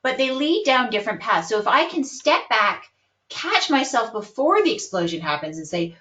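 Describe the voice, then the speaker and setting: A woman psychologist calmly explaining coping strategies in a webinar, hedging often with "kind of". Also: fairly high pitch, moderate pace. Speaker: psychologist guest. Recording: roomy, dull lo-fi webinar audio.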